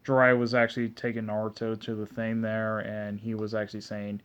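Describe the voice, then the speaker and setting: A man casually recapping an anime episode, rambling with heavy fillers, cursing and frequent throat clearing. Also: fairly low pitch, monotone, brisk, fairly bright tone. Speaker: anime reviewer. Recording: dull lo-fi recording.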